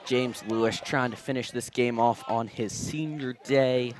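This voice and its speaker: A young man giving color commentary on a high school baseball game outdoors, steady and analytical. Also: unhurried.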